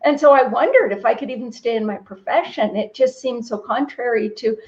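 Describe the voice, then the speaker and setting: A middle-aged woman from Canada speaks as an interview guest, her voice pitched a little high. She tells her story in an earnest, reflective way. The call audio is slightly dull and lo-fi. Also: lively intonation, brisk. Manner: earnest, reflective, moved to tears at moments. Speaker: guest, registered dietitian and author.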